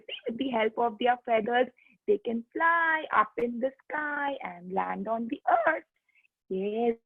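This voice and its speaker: Sing-song woman teacher, husky and slow. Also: medium pitch, no room sound. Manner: coaxing, sing-song, getting kids to join in. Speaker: teacher of young children. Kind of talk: online kids' lesson. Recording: tinny phone-like line.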